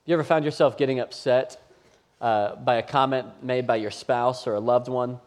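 A man's voice: medium pitch, steady tone, normal speed, darkish tone. Male pastor in his thirties, storytelling sermon to a live congregation, chatty and self-deprecating. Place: church campus before a live audience.

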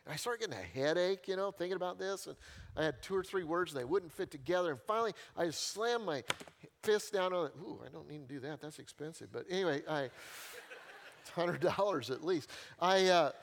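A man's voice: a little high, vocal fry. A male pastor preaching a sermon in a conversational, storytelling way, with self-deprecating humor and key phrases repeated for emphasis.

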